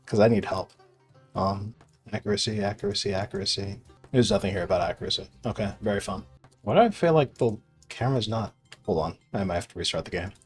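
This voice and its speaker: A young man casually rambling and swearing as he plays a video game, sarcastic and quick to laugh at himself. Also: lowish voice, lively intonation, darkish tone, faint music behind. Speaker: gaming video creator. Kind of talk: casual rambling commentary while playing.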